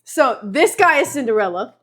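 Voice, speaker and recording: Chatty teenage girl, slightly high voice. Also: moderate pace. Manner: chatty, animated storytelling with filler words. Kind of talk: casual chat on a livestream.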